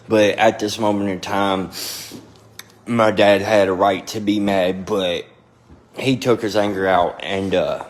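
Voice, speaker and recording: A man's voice: lowish voice, slight background noise. Blunt drawling man telling a story. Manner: blunt, profane, drawling storytelling with filler repetition. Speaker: storyteller recounting his past. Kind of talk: casual storytelling to camera.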